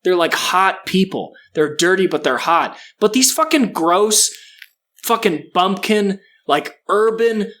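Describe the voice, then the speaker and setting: A man's voice: high-pitched, animated, slow pace, fairly bright tone. A man co-hosting a casual comedy podcast, ranting profanely and doing mocking impressions. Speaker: podcast co-host.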